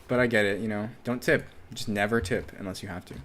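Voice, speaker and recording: A man's voice: on the low side, fairly even intonation, fast talker, a bit bright. A man streaming from home, reading posts aloud and reacting in a loose, casual way, swearing freely and muttering to himself.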